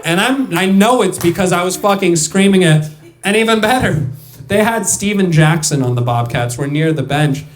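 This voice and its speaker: A man's voice: sits high, lively intonation, moderate pace. Young male comedian, loose chatty crowd work, reverberant room. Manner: loose, chatty, laughing through punchlines. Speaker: stand-up comedian. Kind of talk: stand-up set with crowd work. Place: comedy club stage.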